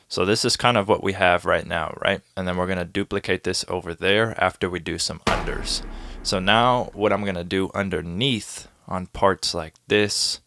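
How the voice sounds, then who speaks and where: A man producing music and talking through a tutorial in a relaxed, casual way, sometimes vocalizing drum rhythms. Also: deep voice, gravelly. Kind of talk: casual screen-recorded tutorial. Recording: music playing behind the voice. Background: beat music playing.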